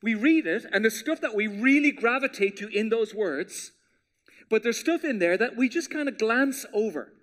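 A man preaching a sermon as pastor, in a conversational style that drops to hushed tones for scripture. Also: high voice, animated, normal speed.

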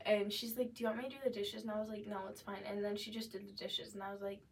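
A young woman co-hosting a podcast in casual chat, talkative and quick to laugh, with lots of fillers. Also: medium pitch, little pitch movement, slight background noise. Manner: chatty, laughs easily, many "like" fillers. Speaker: podcast co-host. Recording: voice a bit distant from the mic.

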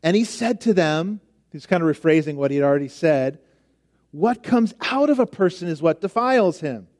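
A man's voice: a little high, animated, normal speed, darkish tone. A man preaching a conversational sermon, emphatic at times and dropping almost to a whisper at others. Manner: conversational, emphatic, with frequent restarts and drops to near whisper.

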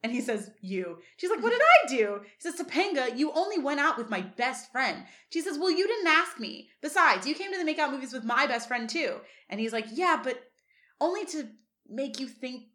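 Woman podcast co-host, fairly high voice, lively recap storyteller. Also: moderate pace. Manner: animated retelling, quotes scenes, laughs often. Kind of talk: casual recap chat.

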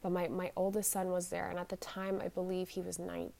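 Halting, shaken woman telling her story. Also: fairly low pitch, monotone, creaky, warm tone. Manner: halting, full of restarts and fillers. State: shaken and anxious while telling it. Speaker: vlogger. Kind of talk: personal storytelling.

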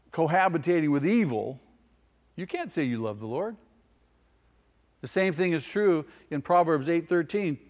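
A man's voice: fairly high pitch, darkish tone. A male pastor preaching a sermon with emphasis. He repeats key phrases and asks the congregation questions. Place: church hall. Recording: long hall reverb.

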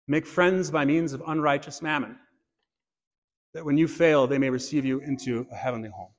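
A man's voice: on the high side, moderate pace. A man preaching a sermon in church, earnest, turning to a light personal story now and then. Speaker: pastor. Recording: long reverb of a church hall.

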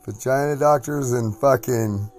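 A man's voice: medium pitch, unhurried, darkish tone, faint music behind. A man hosting a casual podcast chat at home, crude and joking, rambling from one thing to the next. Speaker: podcast host.

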